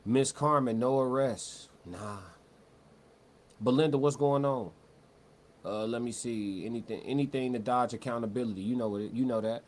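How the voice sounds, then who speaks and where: A man's voice: medium pitch, normal speed, darkish tone. Slangy male livestream commentator, talks loose. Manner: loose, conversational, repeats words and restarts, slangy. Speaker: livestream host. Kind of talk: live-stream commentary, reading chat.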